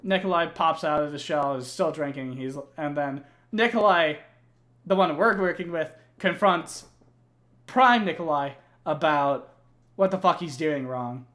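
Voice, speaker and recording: A young man recounts video game lore in a relaxed, unhurried way, his voice a little high and a bit bright. He rambles, swears and fills the talk with plenty of fillers.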